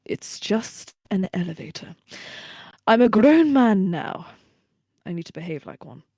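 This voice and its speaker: A woman's voice: mid-range voice, big pitch swings, a little slow, a little mellow. A woman voicing a stiff, brooding young male prosecutor, reading his inner thoughts solemnly. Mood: resolute. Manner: solemn, self-searching inner monologue. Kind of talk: fan voicing of game dialogue. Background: game music.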